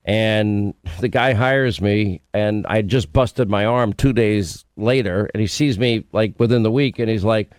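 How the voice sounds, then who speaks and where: A man's voice: on the low side, a little slow, hardly any pauses, no room sound, studio quality. Chatty middle-aged radio host man. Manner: chatty, storytelling, interrupting. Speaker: radio talk show host. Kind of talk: call-in radio talk.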